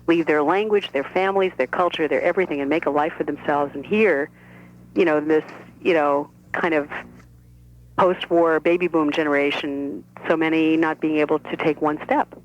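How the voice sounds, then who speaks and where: Woman playwright, phone-in guest, thoughtful and animated, dull telephone sound. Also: sits low, normal speed. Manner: reflective, animated, many restarts. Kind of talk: phone interview on radio.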